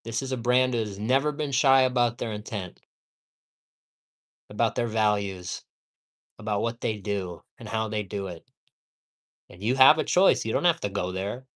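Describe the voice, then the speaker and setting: A man's voice: lowish voice, normal speed, long pauses, fairly bright tone. A man ranting heatedly and profanely at home during a casual livestream, rambling and repeating himself for emphasis. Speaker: live streamer.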